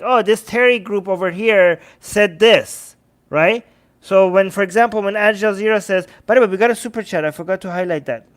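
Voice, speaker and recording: A man's voice: high-pitched, clear, resonant tone. A man hosting a livestream, talking casually and reading out chat messages, with frequent restarts. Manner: animated, restarts often, reads chat aloud. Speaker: livestream host.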